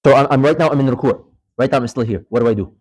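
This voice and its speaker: A man's voice: mid-range voice, very fast, a little mellow, husky, low-quality recording. A man teaching an interactive religious studies class in a mosque, quizzing students and repeating key points for emphasis. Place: mosque lecture hall.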